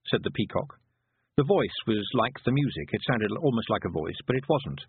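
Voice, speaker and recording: A man narrating a fantasy storybook with an expressive, varied delivery. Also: fairly low pitch, normal speed, slightly rough, dry recording. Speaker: audiobook narrator. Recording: tinny phone-like dry recording.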